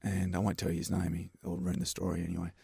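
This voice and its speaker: A man's voice: deep voice, monotone, fast, vocal fry, warm tone, breathy edge, dry recording, studio quality. A man with an Australian accent, a stuntman guest telling rambling anecdotes in a casual interview. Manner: laid-back, rambling anecdotes with many fillers.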